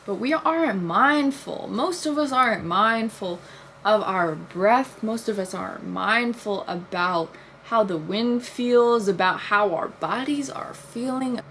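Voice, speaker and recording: A woman's voice: mid-range voice, expressive, slow, fairly bright tone, slight background noise. Chatty young woman recounting a dream. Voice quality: frequent "like" fillers, swears casually. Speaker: vlogger. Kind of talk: casual storytelling monologue.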